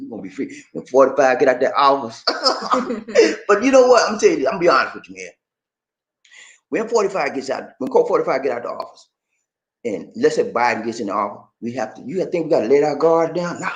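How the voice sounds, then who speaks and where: Animated man hosting a live chat show. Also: lo-fi sound. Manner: animated, chatty, often says "man"; swings between excited high bursts and low serious talk. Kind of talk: casual live-stream chat, reading viewer comments.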